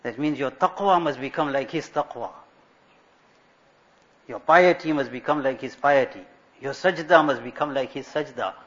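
Man, sermon, storytelling, rhetorical questions, mid-pitched voice, muffled lo-fi sound. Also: normal speed, fairly bright tone. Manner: storytelling, rhetorical questions, Arabic religious terms. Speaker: Islamic scholar giving a talk. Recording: dull lo-fi recording.

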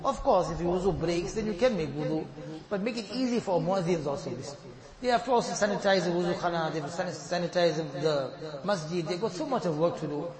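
A high-voiced imam briskly leads the congregation in supplication and announcements, pleading fervently and repeating a refrain after each line. His voice rings through a reverberant mosque hall, with the gathered crowd audible behind him.

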